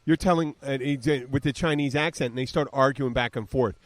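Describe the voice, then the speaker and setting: A man's voice: medium pitch, brisk, dry recording. Rambling man with a dry sound. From southern United States. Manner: rambling storyteller, mimics voices while retelling. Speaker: podcast host. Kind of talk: casual chat.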